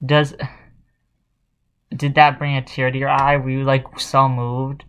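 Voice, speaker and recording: A man's voice: mid-range voice, monotone, a little slow, long pauses, a bit bright, smooth. A man ranting casually to his viewers. He sounds sarcastic and exasperated, with a mocking, offhand edge. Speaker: vlogger. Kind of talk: casual commentary rant.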